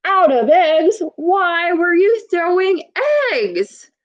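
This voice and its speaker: A woman's voice: sits high, very animated, slow, lo-fi sound, full character voice. A woman voicing a surprised mother who quizzes her child in a storybook reading. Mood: astonished. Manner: exclaiming, quizzing.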